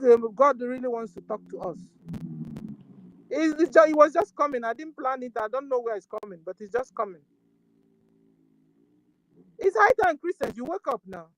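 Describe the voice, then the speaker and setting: A woman's voice: sits high, low-quality recording. A Nigerian woman speaking with fervor on a call-in discussion, full of rhetorical questions and repeated rallying phrases, switching into Igbo now and then. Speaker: guest speaker.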